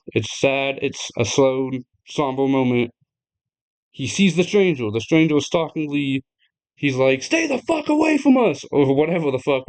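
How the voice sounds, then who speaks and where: A young man casually retelling a game's story to his viewers, excitable and chatty, laughing often and swearing freely. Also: medium pitch, clear, resonant tone. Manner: chatty, addresses viewers directly. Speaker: gaming video creator.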